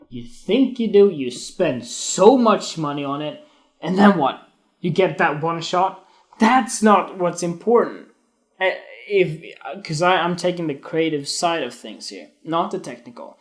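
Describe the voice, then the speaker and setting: A young man talks off the cuff to a live stream audience, rambling from one thought to the next. He is blunt and curses freely, and his voice sits slightly higher than most men's. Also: animated, measured pace. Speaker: photography podcast host. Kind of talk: casual solo talk on a live stream.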